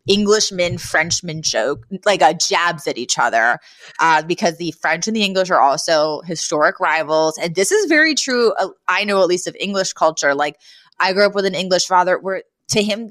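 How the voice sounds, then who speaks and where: A woman's voice: lowish voice, expressive, normal speed, a bit bright. A woman co-hosting a podcast in casual chat, laughing often as she retells scenes and acts out the characters' lines. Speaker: podcast co-host.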